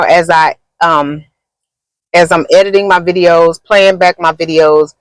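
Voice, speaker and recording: A woman's voice: fairly low pitch, no room sound, rough recording. A woman content creator talking casually in a rambling, chatty vlog from inside a car, eating as she goes. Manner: rambling and chatty, many fillers; talks while eating.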